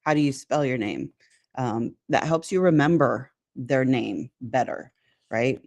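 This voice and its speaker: Low-pitched woman giving practical tips, laughs a lot, casual podcast chat. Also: lively intonation, unhurried, vocal fry, a little mellow. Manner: laughing, mock-irritated, practical. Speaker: matchmaker and co-host.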